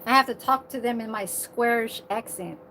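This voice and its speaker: A woman's voice: fairly high pitch, moderate pace, background noise. Rambling, profane woman vlogger. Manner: rambling, profane, laughing asides. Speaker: server at a senior living community. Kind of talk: casual monologue.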